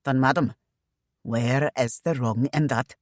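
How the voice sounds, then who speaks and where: A thin, stubborn male agent who pleads in formal words, voiced by a woman narrator. The voice stays low and unhurried, close and dry. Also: dry recording. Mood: pleading.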